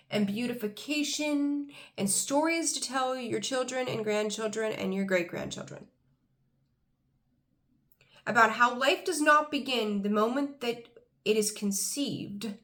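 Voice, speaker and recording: A woman's voice: a little high, a little slow, fairly bright tone. A woman giving a casual tarot reading to camera, rambling and enthusiastic, with frequent ums. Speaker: tarot reader.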